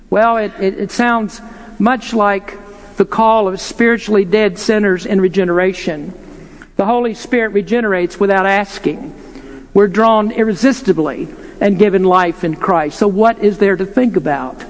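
A man's voice: high voice, moderate pace. A man preaching an earnest, emphatic sermon, posing rhetorical questions to his listeners. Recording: long hall reverb.

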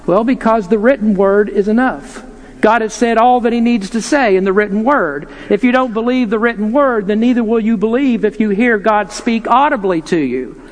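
High-voiced preacher in a reverberant hall. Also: male voice, normal speed. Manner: earnest, emphatic preaching with rhetorical questions. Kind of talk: sermon.

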